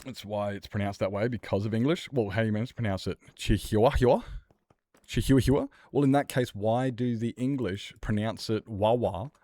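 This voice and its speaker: A man's voice: lowish voice, fairly quick, hardly any pauses, darkish tone. A man, casually chatting with viewers during a game stream, rambling and argumentative, swearing now and then. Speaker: livestreamer. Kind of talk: casual chat with viewers while gaming.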